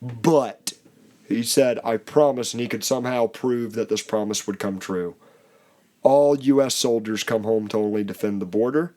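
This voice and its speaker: A man's voice: medium pitch, moderate pace, darkish tone. A man hosting a podcast, chatting loosely about politics, laughing often and putting on voices to quote people. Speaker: podcast host. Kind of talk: casual political chat.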